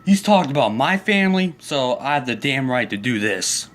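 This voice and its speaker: A man's voice: mid-range voice, sing-song, moderate pace, a bit bright. A man hosting his own video channel, delivering an angry, crude, swear-filled rant about a neighbor. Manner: crude, heated, swearing constantly.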